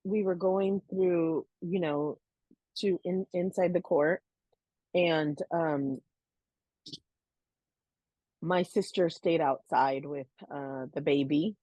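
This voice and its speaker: Low-voiced woman telling a personal story. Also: fairly even intonation, slow pace, pauses often, warm tone, dry recording. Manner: earnest, heartfelt, many "you know"s and "um"s. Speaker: podcast co-host. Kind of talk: personal storytelling, casual podcast talk. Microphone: podcast microphone.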